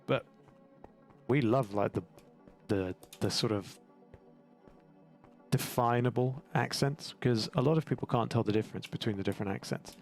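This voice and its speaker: A young gaming YouTuber from England commentates his gameplay, chatting in a rambling, self-mocking way with an English accent. His voice is mid-range, he speaks at normal speed and pauses often, and game music plays behind him.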